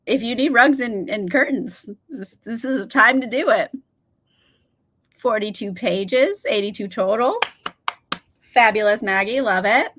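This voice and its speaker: A woman's voice: on the high side, measured pace, long pauses, fairly bright tone. A woman in her thirties hosting a casual reading livestream, chatty, swearing casually and laughing often as she reads out chat replies.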